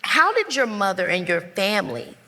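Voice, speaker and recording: A woman's voice: mid-range voice, sing-song, normal speed, sharp tone. A woman hosting a live interview on a theater stage, asking questions in a reflective way. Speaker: host. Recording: reverberant live theater sound.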